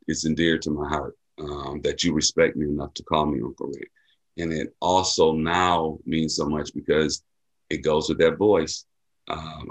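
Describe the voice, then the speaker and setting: An athletic director and mentor from Milwaukee, USA answers interview questions earnestly and from the heart, often repeating a phrase. His rumbling low voice has a fairly bright tone, and he grows emotional, near tears.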